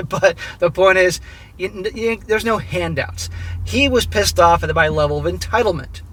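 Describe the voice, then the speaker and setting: A man's voice: sits high, unhurried, a bit bright. A man in his forties from Southern California gives blunt, profane life advice to his viewers and keeps calling them "guys.". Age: 40s. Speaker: advice channel host. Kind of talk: casual advice monologue.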